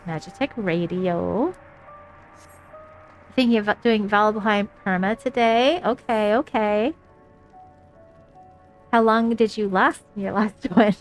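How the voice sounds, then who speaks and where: Woman game streamer, mid-pitched, playful and profane, chatting with faint music underneath. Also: takes it slowly, long pauses. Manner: giggly, teasing, swears casually. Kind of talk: casual live-stream chat.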